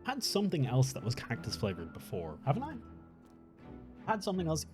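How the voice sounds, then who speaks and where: A man's voice: on the high side, wildly swooping pitch, fairly quick, over music. A young Irish man streaming a game, chatting casually and thinking aloud in a rambling way, with casual swearing. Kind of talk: casual live-stream chat while gaming.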